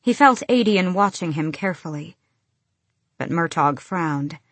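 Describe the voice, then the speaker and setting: Casting: woman narrator for fantasy audiobook, lowish voice, dry close-mic studio sound. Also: a little slow, dry recording.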